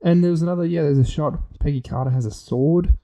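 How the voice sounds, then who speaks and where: A man's voice: fairly high pitch, quick pace, creaky, dark tone. A man co-hosting a podcast in casual chat, curious, asking questions and pointing things out. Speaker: podcast co-host.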